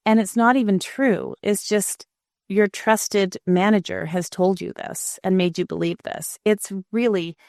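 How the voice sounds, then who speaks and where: A woman's voice: mid-range voice, steady tone, measured pace, creaky, darkish tone, no room sound, studio quality. A middle-aged woman, a former news anchor, talking frankly and reflectively as an interview guest, often restarting her sentences. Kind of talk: candid interview conversation.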